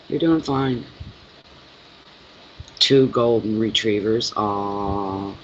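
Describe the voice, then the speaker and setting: At home, a middle-aged man who reads tarot and hosts a channel chats casually with his viewers and tells animated stories. His voice is mid-range, and the recording is muffled with a little hiss or hum.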